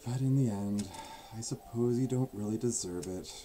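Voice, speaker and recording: A man voicing a proud, sharp-tongued teen girl from a visual novel, earnest and sarcastic by turns, often dropping to a whisper. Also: mid-range voice, normal speed, a little hiss or hum, lightly acted. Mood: resentful. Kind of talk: fan voice acting of a visual novel.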